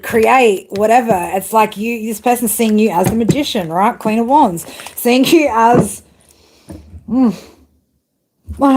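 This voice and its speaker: A woman's voice: a little high, a little mellow. A woman doing a casual live tarot reading, chatty and full of swearing, calling her viewers girl and babe. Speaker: tarot reader.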